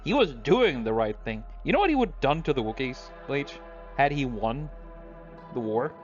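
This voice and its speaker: A man's voice: mid-range voice, sing-song, normal speed, highs cut off. A man hosting a casual chat while drawing, ranting in exasperation and swearing freely. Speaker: host. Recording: music playing underneath.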